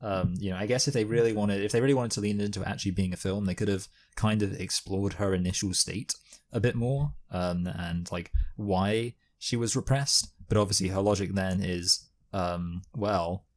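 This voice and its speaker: A man's voice: fairly low pitch, moderate pace, darkish tone. A man co-hosting a movie review show in casual chat. He rambles, with many fillers and restarts.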